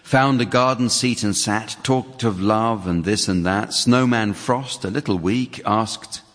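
A man's voice: fairly low pitch, unhurried, a bit bright. A man hosting a comedy panel game in front of a studio audience, reading out rhymes with dry, mock-serious delivery. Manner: dry, mock-serious delivery, chuckles at his own jokes. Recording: audience hall recording, crowd noise.

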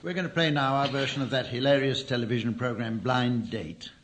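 A man hosting a comedy panel game, announcing rounds in a brisk, dry way. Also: mid-range voice, fairly even intonation, a loud crowd. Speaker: quiz show host. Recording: very noisy old stage recording.

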